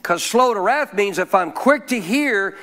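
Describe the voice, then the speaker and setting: In no hurry, a pastor preaches in a high, expressive voice that comes across pushed and bright. He engages the crowd with questions and has them repeat lines after him.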